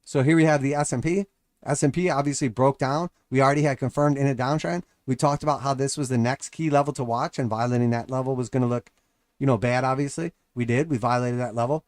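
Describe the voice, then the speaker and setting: A man's voice: mid-range voice, fairly even intonation, fast talker, dry recording. Blunt, sarcastic male market commentator. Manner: blunt, sarcastic, acts out mocking voices. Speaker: market analysis host. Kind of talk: casual live market commentary.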